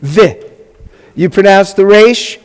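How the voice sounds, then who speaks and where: A man with a high voice teaches a live class, speaking slowly as he drills sounds with his students. He throws in joking asides as he goes. His voice rings with the long reverb of a hall. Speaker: rabbi teaching a Hebrew class. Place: congregation classroom.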